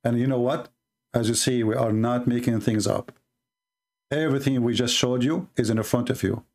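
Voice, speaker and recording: He's a religious commentary host reacting live to video clips, indignant and emphatic, using repetition to stress his words. His voice is medium-pitched and darkish, at a moderate pace.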